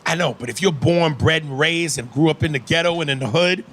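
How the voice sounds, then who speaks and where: A man's voice: a little high, a little fast, fairly bright tone. A man hosting a podcast, talking brashly and profanely in casual comedic chat and reading emails aloud. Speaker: podcast host.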